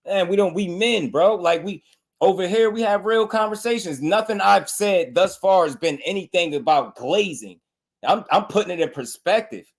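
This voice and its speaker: A man, sitting higher in his range than most men. He hosts a boxing live stream and talks straight to his chat. He is blunt and scolding, repeats his points in heavy slang. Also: normal speed. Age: 30s. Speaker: boxing podcast host.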